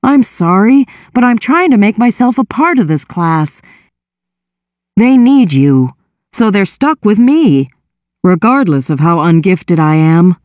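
A woman's voice: medium pitch, lively intonation, darkish tone, no room sound, clean studio sound, natural voice. A woman voicing a guilty, defensive younger teenage brother who whines and hurries to justify himself. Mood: sheepish. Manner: whining, sheepish and quick to justify himself.

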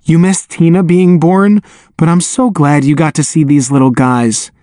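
A man reading an audiobook, voicing a gentle young mother with a husky voice. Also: fairly high pitch, steady tone, normal speed, no echo, studio quality, close to an everyday voice.

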